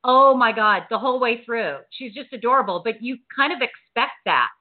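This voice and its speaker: A woman hosts an interview with bubbly enthusiasm, reacting warmly and asking the guest for stories. Her voice sits high and moves a lot in pitch. Everything comes through a narrow, phone-like band. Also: lively intonation, a little fast. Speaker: interview host. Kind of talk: casual interview chat. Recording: tinny phone-line sound.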